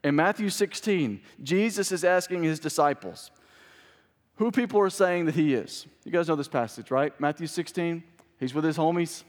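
A male pastor with a fairly high voice preaches in a church sanctuary, and his words ring out with a long hall reverb. He moves from loud proclamation to quiet, chatty asides. He repeats key phrases and puts questions to his listeners. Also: moderate pace. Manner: repeats phrases for emphasis, asks the congregation questions. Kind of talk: sermon.

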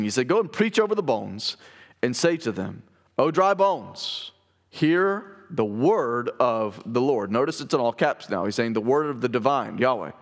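A man preaching a sermon in a church sanctuary. His voice is mid-pitched and carries a long reverb through the hall. He talks in an earnest, explanatory way and slows down to stress the lines he reads aloud. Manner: earnest, explanatory, reads scripture slowly with emphasis. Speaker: pastor.

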